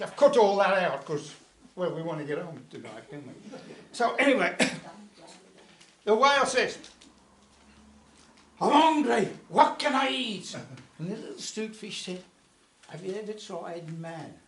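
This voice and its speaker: A man telling a folk tale live at a folk club, chatty, with asides to the audience. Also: high-pitched. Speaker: storyteller. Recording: echoey folk club room.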